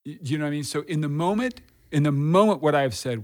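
A man's voice: a little high, animated, fast. A middle-aged man, a pastor, talking candidly and earnestly about his faith and hard times, repeating phrases for emphasis. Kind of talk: candid conversational testimony.

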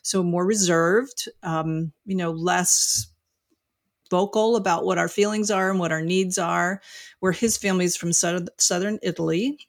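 A woman's voice: fairly low pitch, steady tone, measured pace. A middle-aged woman, an author and marriage coach, talking frankly and reflectively as an interview guest, often saying "you know" and "like". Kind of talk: candid interview conversation.

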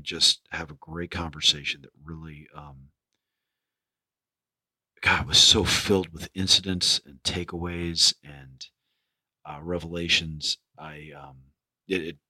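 A man hosting a podcast, speaking with a hoarse, ragged voice in a rambling way, full of fillers and restarts. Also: extremely low pitch, bright, forceful tone, dry recording. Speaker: podcast host. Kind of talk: spoken podcast intro.

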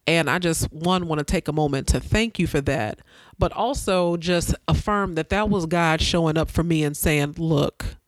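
A woman's voice: low-pitched, moderate pace, no echo. A woman hosting her own podcast, giving an earnest, preacher-like motivational talk that repeats phrases for emphasis. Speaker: podcast host.

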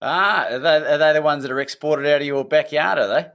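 A man's voice: a little high, fairly quick, gravelly, fairly bright tone. A man hosting a casual conversation, speaking emphatically and with enthusiasm, swearing freely.

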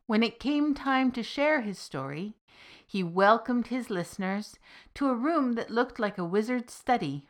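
A woman narrating a fiction podcast in a deliberate, even reading voice with soft, trailing phrase ends. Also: medium pitch.

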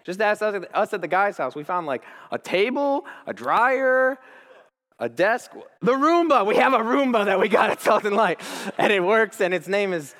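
A man's voice: high voice, expressive, moderate pace, fairly bright tone, in a large hall. Enthusiastic young man giving a casual sermon. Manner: casual, enthusiastic, slangy, with frequent restarts. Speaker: speaker at a church gathering. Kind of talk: informal sermon with storytelling.

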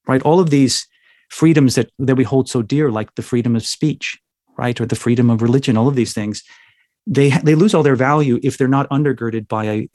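A man's voice: mid-range voice, darkish tone, no echo, studio quality. A man speaking as a minister, explaining ideas in a reflective, conversational way and checking in with frequent tag questions. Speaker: guest, minister. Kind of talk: conversational theology discussion.

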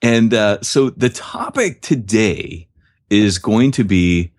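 Low husky guy bantering on a podcast, super animated pitch, goofs around. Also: takes it slowly. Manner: joking, animated, does silly voices. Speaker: podcast co-host.

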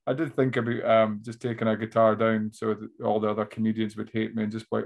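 A man with an Aberdonian Scottish accent, a stand-up comedian telling animated stories as an interview guest. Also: on the low side, fast, creaky, hardly any pauses. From Scotland. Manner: animated storyteller who slips into voices. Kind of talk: casual interview chat.

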